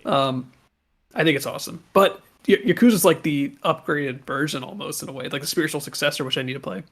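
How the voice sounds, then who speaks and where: A man with a fairly high voice talks very fast in casual podcast chat. He fills his sentences with "like" and laughs between points. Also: fairly bright tone. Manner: quick, laughs often, lots of likes. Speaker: podcast co-host.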